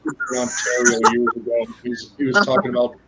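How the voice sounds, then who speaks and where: A man's voice: mid-range voice, little pitch movement, a little fast, a crowd in the background, poor audio. A man chatting casually as a guest on a livestream panel, joking and enthusiastic. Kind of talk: casual chat.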